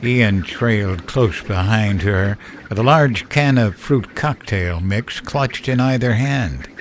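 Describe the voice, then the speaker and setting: Male horror narrator, unhurried, deliberate, scripted storytelling. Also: on the low side, slight background noise. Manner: slow, measured storytelling.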